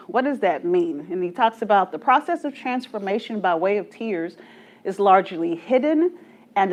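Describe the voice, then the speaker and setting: A woman in her forties leading a church study group, telling stories with self-mocking humor and frequent laughter. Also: mid-range voice. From Texas, USA. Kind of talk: storytelling talk to a group.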